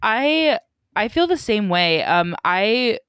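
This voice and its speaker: A young woman co-hosting a podcast, chatting casually and telling animated stories. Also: medium pitch, slow, clean tone, dry recording, studio quality. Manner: animated storyteller, acting out quoted people. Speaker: podcast co-host. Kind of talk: casual chat.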